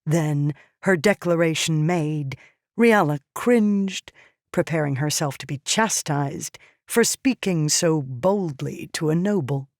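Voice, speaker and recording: Slow, measured woman narrator. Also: low voice, a little mellow, dry recording, studio quality. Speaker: audiobook narrator. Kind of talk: scripted narration.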